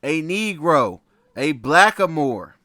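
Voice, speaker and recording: A man talking his way through a slide lecture in a loose, easygoing manner, circling back to points and checking in with his listeners. His voice sits a little high and rings forcefully bright. The sound is close and dry, with no room around it. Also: sing-song, slow pace, no room sound. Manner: loose and repetitive, keeps saying "all right" and "man", laughs often. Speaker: presenter walking through slides. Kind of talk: casual lecture reading from slides.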